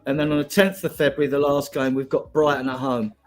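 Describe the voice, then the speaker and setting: A man's voice: on the high side, little pitch movement, fast, soft background music. A man on a fan call-in show panel, opinionated and bantering with the others. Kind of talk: casual live-stream chat.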